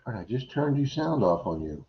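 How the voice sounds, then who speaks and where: A livestream host with a mid-range, sing-song voice talks briskly from his home computer setup. The dull lo-fi audio has a little hiss or hum, and he tells a long, casual story full of "uh"s and false starts.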